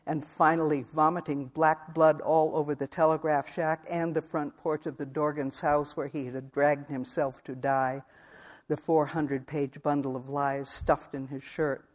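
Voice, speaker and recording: A man's voice: fairly high pitch, little pitch movement, measured pace. Man narrating a western audiobook.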